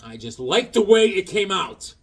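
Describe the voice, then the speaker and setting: This goofy, joking comic-collecting vlogger is a middle-aged man whose slightly high voice has a husky edge. He rambles casually, cracks jokes, and animatedly performs quick little bits.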